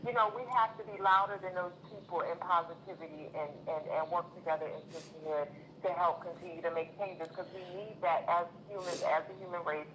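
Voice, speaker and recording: A woman's voice: lowish voice, fairly even intonation, fairly quick, a bit bright, a little hiss or hum, rough recording. A woman calling in to a casual chat show, speaking earnestly and at length in an encouraging way. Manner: long-winded, earnest, encouraging. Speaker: caller.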